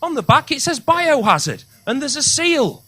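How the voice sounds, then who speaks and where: High bright-voiced stand-up comedian, man. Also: very animated, normal speed, no echo. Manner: loud, sweary, building to shouts.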